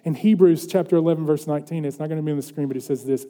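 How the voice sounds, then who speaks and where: A man's voice: a little high, racing, few pauses, dark tone. A man preaching a sermon as pastor, earnest and building to emphatic questions. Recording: long hall reverb.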